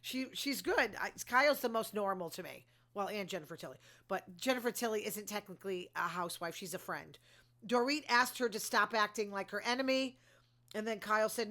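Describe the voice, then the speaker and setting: A chatty woman with a bright, sharp-edged voice, talking in a loose, gossipy way. She is opinionated and wanders off into asides, with plenty of fillers as she hosts her own recap show. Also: mid-range voice, a little fast. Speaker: host recapping reality TV. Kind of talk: casual gossipy commentary.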